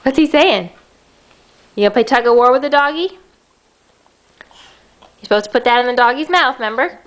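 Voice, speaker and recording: A mother talking to her toddler in sing-song baby talk, coaxing and gentle, filmed at home on a handheld camcorder. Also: high-pitched, a little fast, slight background noise. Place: at home indoors.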